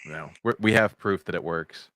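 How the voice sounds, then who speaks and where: A man hosting a podcast, speaking sincerely and haltingly, with many "you know"s. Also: low voice, bright, forceful tone, a little hiss or hum, low-quality recording. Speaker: podcast host. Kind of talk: casual conversation.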